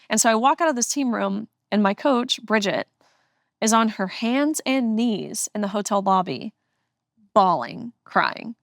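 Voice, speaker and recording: A young woman in her twenties, a guest on an interview show, recounts a personal story with earnest emphasis. Her voice sits at an ordinary middle pitch. The sound is close and dry, with no room around it. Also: moderate pace, no echo.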